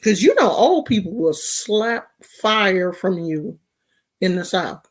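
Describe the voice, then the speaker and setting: A woman's voice: medium pitch, sing-song, slow. A woman from California giving casual gossip commentary in a slangy, mocking, rambling way. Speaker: vlogger.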